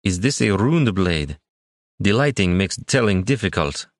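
Man reading a calm pirate swordsman. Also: low voice, a little slow, no room sound, studio quality. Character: cool-headed male pirate swordsman.

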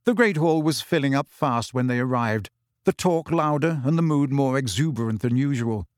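A man reading a story aloud as narrator in a measured storytelling way. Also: medium pitch, no room sound, clean studio sound. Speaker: audiobook narrator. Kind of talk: scripted narration.

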